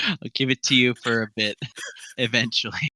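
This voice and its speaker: A man's voice: mid-range voice, measured pace, pushed and bright, no room sound, rough recording. A man narrating a tabletop game as game master, rambling with lots of fillers and laughing often.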